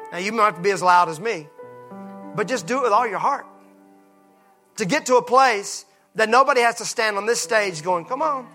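A pastor preaching a passionate sermon, moving from hushed lines to shouts. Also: male voice, high voice.

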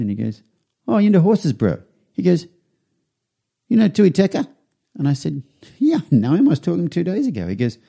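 A middle-aged man hosting a podcast, telling a rambling anecdote and acting out what people said in a higher voice. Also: vocal fry, dark tone. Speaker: podcast host. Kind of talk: casual storytelling.

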